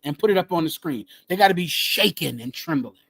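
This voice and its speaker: A man's voice: fairly high pitch, expressive, fairly quick, vocal fry. Fiery man preaching with repeated phrases. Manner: emphatic, repeats phrases, swings from loud to hushed. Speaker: group leader teaching scripture. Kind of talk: fiery street-style preaching.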